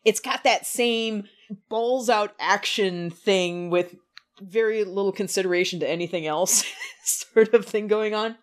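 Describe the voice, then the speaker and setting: A woman's voice: mid-range voice, measured pace. A woman co-hosting a podcast in casual chat, enthusiastic and laughing often. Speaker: podcast co-host.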